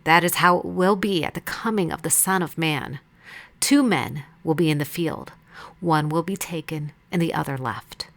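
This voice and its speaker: A woman reading Bible passages aloud in a measured, deliberate way. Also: deep voice, creaky, fairly bright tone. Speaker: Bible reader. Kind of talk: scripted scripture reading.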